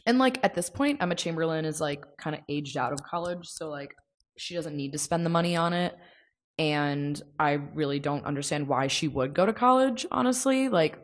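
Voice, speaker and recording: A young woman with a low-pitched voice talks on her own podcast in a loose, rambling way. She fills her sentences with fillers and restarts as she chats casually. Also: expressive, moderate pace. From United States. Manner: rambling, filler-heavy, chatty. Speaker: podcast host. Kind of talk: casual solo podcast chat.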